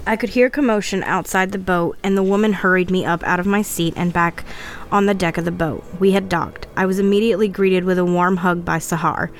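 A woman's voice: on the low side, fairly even intonation, a little fast. A woman podcast co-host narrating a first-person tale with emotional storytelling.

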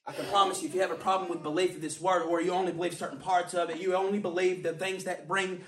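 Guy preaching hard, goes soft then yells, echoey room, sounds kinda distant from the mic. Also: high-pitched, flat delivery, fast talker. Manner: impassioned, emphatic, swings from quiet to shouting. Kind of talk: sermon. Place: church hall.

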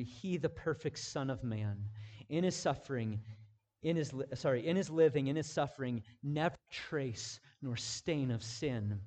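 A man preaching a sermon in a high-pitched voice, taking his time over each phrase. He drops to a near hush, then rises to loud, emphatic declarations. He repeats key words to drive them home. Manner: swings from hushed intimacy to loud emphatic preaching. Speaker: pastor.

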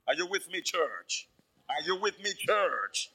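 A man preaching a lively sermon to his church, acting out the voices in his stories. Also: high voice, brisk, low-quality recording. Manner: animated preaching, acts out quoted voices. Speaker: pastor.

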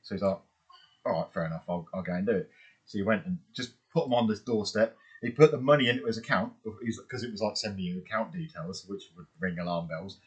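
A man's voice: low-pitched, quick pace, slightly rough, dull audio. A man co-hosting an unedited podcast, chatting casually, swearing and telling stories with silly voices. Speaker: podcast co-host. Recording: unedited home podcast mic.

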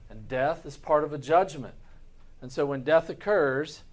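A man's voice: on the high side, a little slow. A man, a pastor, teaching a Sunday school class in an earnest way, often repeating words and putting rhetorical questions to the class.

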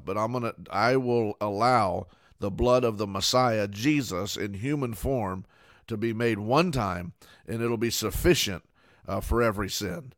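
A man's voice: on the low side, a bit bright, no echo, clean studio sound. A man preaching a fervent sermon to a camera, with many fillers and repeated words. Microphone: camera mic.

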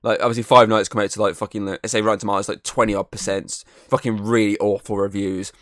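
A man's voice: on the low side, flat delivery, fast talker, a bit bright, no echo, studio quality. A man co-hosting a podcast, talking in a loose, rambling way that is full of fillers and swearing. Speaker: podcast co-host. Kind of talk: casual chat.

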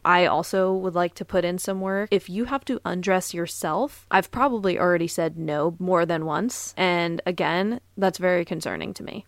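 Blunt, profane woman in her twenties; lowish fry-heavy voice, dry booth sound. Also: no echo. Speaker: podcast host. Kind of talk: casual storytelling podcast.

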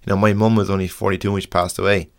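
Young Irish male podcast host, slightly low pitch, frank and earnest, halting delivery with restarts. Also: flat delivery, creaky. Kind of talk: casual podcast monologue.

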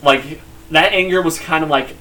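A young man telling animated, rambling stories in casual chat with friends, swearing now and then. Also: a little high, moderate pace, slight background noise. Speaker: guest.

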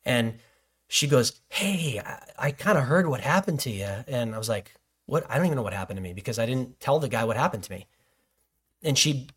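Pastor guy preaching casually, jokey asides, storytelling, mid pitch. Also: a bit bright. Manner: conversational, joking asides and storytelling. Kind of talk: sermon.

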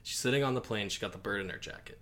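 A man's voice: fairly low pitch, very fast, sharp tone. A man co-hosting a podcast, telling a long shaggy-dog joke in a rambling way, full of likes and rights. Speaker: podcast co-host. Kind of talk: casual joke-telling chat.

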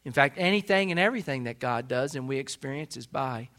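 A middle-aged man, a pastor preaching a sermon in a church, his voice swelling loud on key phrases. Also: mid-range voice, animated, a little fast. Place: church sanctuary.

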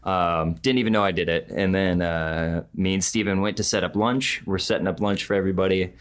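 A man's voice: sits low, fairly even intonation, a little fast. A young man, a podcast guest, telling a casual story with lots of "uh" and "like" and frequent laughter. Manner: rambling, laughs often, many fillers like "uh" and "like".

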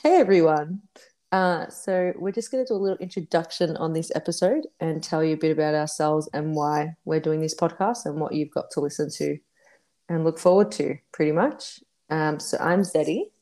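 A chatty Australian woman with a low, mellow voice, talking loosely and laughing often. She slips in casual swearing as she rambles through a podcast chat. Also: moderate pace. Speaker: podcast co-host.

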